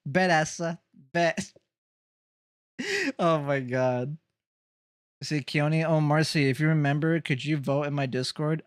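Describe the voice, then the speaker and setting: A man's voice: medium pitch, a bit bright, no room sound, clean studio sound. A man chatting casually on a live game stream, teasing viewers, laughing often and swearing freely.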